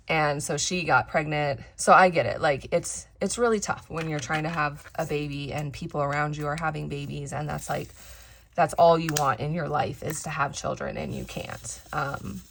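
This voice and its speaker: A woman's voice: deep voice, vocal fry, a bit bright. A woman in her thirties chatting candidly while crafting, rambling with many fillers and restarts, her voice slightly crackly from dry air. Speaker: craft vlogger. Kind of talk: casual chat while crafting.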